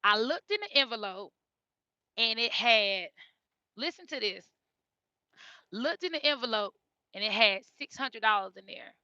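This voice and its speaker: Woman, heartfelt storytelling, repeats herself a lot, very bright tone, dry close sound. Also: fairly high pitch, animated, a little slow, long pauses, no echo. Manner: repeats phrases, earnest and heartfelt. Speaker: mother telling her family's story. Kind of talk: emotional personal storytelling. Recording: dull lo-fi recording.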